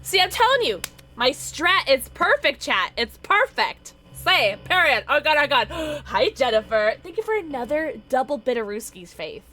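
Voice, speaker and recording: A woman's voice: high voice, sing-song, moderate pace, bright, forceful tone. A woman streaming a horror game live, chatting to viewers and squealing when startled. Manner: jumpy, squealing when scared, talks to chat. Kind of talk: live gameplay chat.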